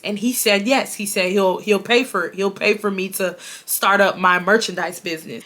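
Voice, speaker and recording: Brief: woman in her twenties, YouTube storytime, bright voice, animated, repeats herself for emphasis. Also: medium pitch, moderate pace, hardly any pauses. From Houston, Texas. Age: 20s. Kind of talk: casual storytime.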